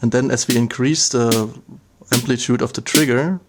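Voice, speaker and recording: A man's voice: mid-range voice, fairly even intonation, normal speed, very noisy. Methodical man demonstrating a drum module. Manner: plain, methodical, step by step. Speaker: product demonstrator. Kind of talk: instructional demo narration.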